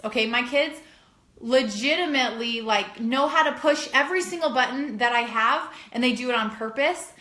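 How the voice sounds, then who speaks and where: Woman, young adult, motivational vlog, high pitched, echoey room. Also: pushed and bright. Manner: earnest, repetitive, emphatic. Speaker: health and fitness coach.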